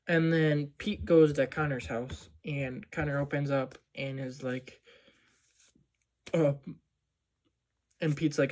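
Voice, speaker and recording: A man's voice: on the high side, fairly even intonation, slow, pauses often, darkish tone. A man casually recapping a movie scene by scene, rambling with lots of "like" and "um". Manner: rambling, full of "like" and "um". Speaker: movie vlogger.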